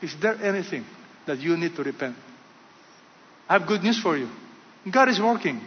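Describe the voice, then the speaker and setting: A man preaching a sermon in short, emphatic phrases, rising loud and falling quiet. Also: sits high, moderate pace. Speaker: pastor. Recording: dull sound with long hall reverb.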